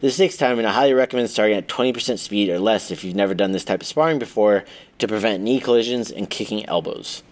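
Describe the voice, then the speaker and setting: A man, a Muay Thai coach, reading his own training book aloud in a steady instructional way, listing drills item by item with occasional stumbles. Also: lowish voice, fast talker.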